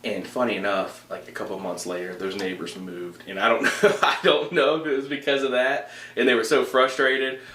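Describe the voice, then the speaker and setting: Young man, podcast host, casual storytelling, animated, echoey room. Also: mid-range voice, brisk, few pauses. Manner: animated, laughs often, frequent fillers.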